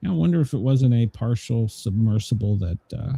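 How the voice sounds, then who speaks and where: Man, show host, casual news riffing, rambling, lively pitch, mellow tone. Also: normal speed, vocal fry. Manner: rambling, many fillers, laughs at own jokes. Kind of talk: casual news commentary chat.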